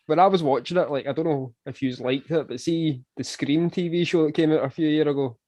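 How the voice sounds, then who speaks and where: A man's voice: a little high, a little fast, mellow, no room sound. A Scottish man in a casual livestream chat, talking in an easygoing, rambling way.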